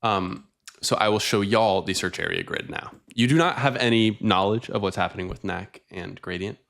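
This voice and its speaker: A man narrates a tabletop game as its game master. His voice sits a bit low, and he talks casually, laughs often and drops in fillers as he sets scenes. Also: moderate pace, creaky, fairly bright tone.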